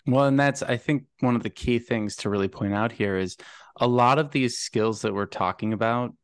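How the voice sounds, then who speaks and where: A man hosts a career talk, chatting easily and turning over his thoughts before asking his guest something. His voice is middle in pitch and sounds dry and close. He tends to restart his phrases as he thinks. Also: normal speed, clear, resonant tone, no echo. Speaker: podcast host on job searching. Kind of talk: conversational interview.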